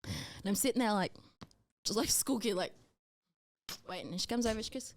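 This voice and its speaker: A woman's voice: mid-range voice, lively intonation, fairly quick, no echo. An Australian woman in her twenties chatting casually as a podcast co-host, telling self-deprecating stories and laughing often. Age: 20s. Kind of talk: casual chat.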